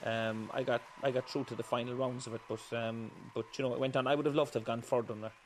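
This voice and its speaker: A man's voice: medium pitch, fairly even intonation, fast talker, background noise. A middle-aged man from County Kerry with an Irish accent, a tribute performer for a famous singer telling anecdotes and acting out what people said. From Ireland. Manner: chatty, anecdotal, fond of quoting voices. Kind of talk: storytelling interview.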